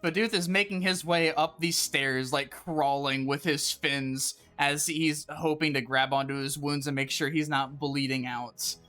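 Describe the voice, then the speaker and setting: A man's voice: on the high side, steady tone, a little slow, hardly any pauses, sharp tone, faint music behind. A man narrating as game master of a tabletop game, swearing casually and laughing between lines.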